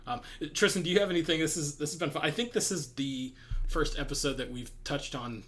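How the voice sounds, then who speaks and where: A man's voice: a little high, brisk, fairly bright tone. A man hosting a podcast, talking earnestly and reflectively with frequent laughs. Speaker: podcast host. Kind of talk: casual podcast conversation.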